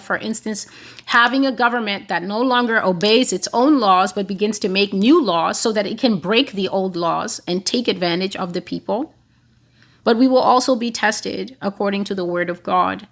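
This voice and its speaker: A woman's voice: mid-range voice, a bit bright. A woman giving a prophetic teaching monologue, emphatic and repeating phrases for stress.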